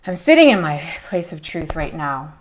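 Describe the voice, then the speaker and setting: A woman's voice: low voice, very animated, normal speed, slight background noise. Woman in her forties, emotional, chatty, skincare host, voice leaps up to greet viewers. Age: 40s. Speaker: beauty show host. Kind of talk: live get-ready-with-me skincare chat.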